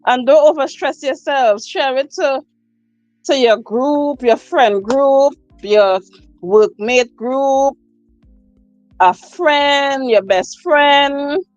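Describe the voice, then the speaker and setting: A woman hosts a live chat on her phone, talking slowly and repeating phrases, often breaking into laughter. Her voice sits a little high. The sound is dry and close, with faint music underneath. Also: no room sound, dull audio. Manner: slow, repetitive, laughs often. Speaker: livestream host.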